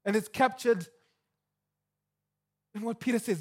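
A male preacher with a strikingly high voice delivers his sermon with lively, emphatic energy. He drops soft and low for asides, then climbs in pitch and volume when he presses a point, stumbling over repeated words. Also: a little slow.

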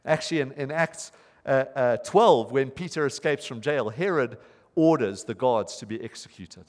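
A man preaching a sermon as pastor, telling a story earnestly and slowing down to stress his points. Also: medium pitch, a little mellow. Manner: earnest, storytelling, slows for emphasis. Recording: reverberant hall.

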